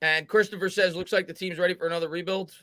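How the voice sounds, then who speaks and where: A man hosting a live sports reaction stream, calling plays and reading viewer comments aloud with quick, halting restarts. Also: high voice, fairly even intonation, fairly bright tone, no room sound. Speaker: host doing play-by-play.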